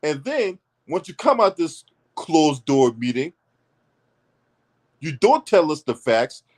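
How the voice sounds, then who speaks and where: This man's political commentary is a rant, profane and sarcastic, with a heated edge as he jabs at his targets. His pitch sits somewhat raised, and he speaks slowly in a sing-song way.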